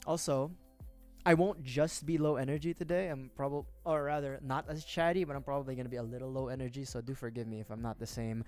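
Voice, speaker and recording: A man's voice: mid-range voice, steady tone, quick pace, darkish tone, soft background music. Rambling young man chatting on stream. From Philippines. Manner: rambling, chatty, self-deprecating. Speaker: livestreamer building a model kit. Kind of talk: casual chat.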